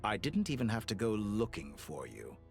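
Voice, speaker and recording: Cruel mad-scientist villain, condescending, menacing, low-pitched, game score faintly behind. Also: male voice, wildly swooping pitch, normal speed, soft background music, exaggerated voice. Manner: cold, condescending, smoothly menacing. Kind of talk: video game voice acting.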